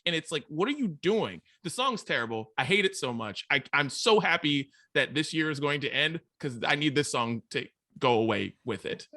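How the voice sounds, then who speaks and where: Bright-voiced ranting man. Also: on the high side, no echo, studio quality. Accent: Pittsburgh. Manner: animated, ranting, laughs often. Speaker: podcast co-host. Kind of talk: casual chat.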